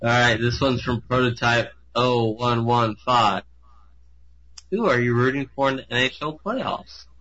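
Blunt, bright-voiced man swearing freely. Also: medium pitch, unhurried, lo-fi sound. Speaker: podcast co-host. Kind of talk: casual gaming podcast chat.

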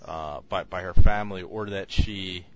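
A man's voice: deep voice, fairly even intonation, normal speed, fairly bright tone, muffled recording, a little hiss or hum. A man co-hosting a casual podcast chat, reviewing films in a rambling way with many fillers and restarts.

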